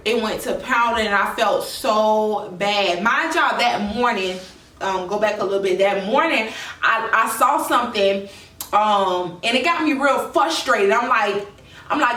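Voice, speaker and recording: In this storytime vlog, a young woman opens up emotionally and candidly to her viewers about something personal. She talks at a normal speed with a medium-pitched, fairly bright voice, recorded from afar in a room full of echo.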